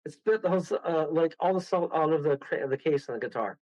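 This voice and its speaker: A man's voice: a little high, expressive, quick pace, no room sound, dull audio. A man, a guest medium on a radio show, telling a rambling story full of laughs and acted-out quotes.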